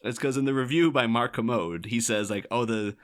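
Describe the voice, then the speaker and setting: A man's voice: medium pitch, expressive, a little fast. A man co-hosting a podcast in casual chat, rambling through asides and laughing often. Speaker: podcast co-host.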